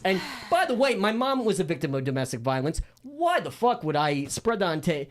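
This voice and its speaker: Animated storytelling man, lively pitch. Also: a little fast. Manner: animated storyteller, acts out voices, laughs. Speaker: guest, MMA fighter and announcer. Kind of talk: storytelling in casual interview.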